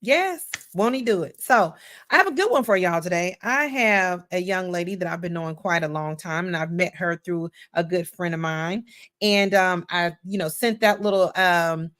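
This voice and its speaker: Her voice fairly low and a bit bright, at a moderate pace, this podcast host runs a laid-back livestream talk show. She's playful and homespun, often saying things twice and addressing listeners straight on as y'all.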